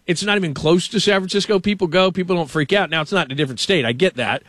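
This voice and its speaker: A man hosting a casual sports talk show, ranting with animated stammers about a team's stadium. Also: sits high, rapid-fire, no echo. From Los Angeles. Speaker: show host.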